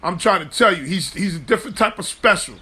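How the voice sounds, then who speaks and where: Bright high-voiced joking host. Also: male voice, quick pace, breathy edge. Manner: animated, loose and joking, swears freely. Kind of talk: live sports talk show.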